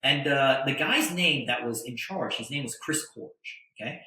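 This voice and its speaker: A man, a podcast guest, telling a story in a casual, animated way, with stammered restarts and tag questions. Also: mid-range voice, normal speed, heavy reverb, poor audio. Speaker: podcast guest, attorney and entrepreneur.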